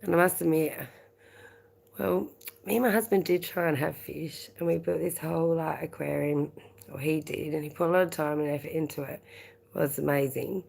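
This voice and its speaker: A woman's voice: deep voice, steady tone, normal speed, creaky, a little mellow. An Australian woman hosting a late-night live stream, chatting casually with viewers, rambling and laughing often. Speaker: livestream host.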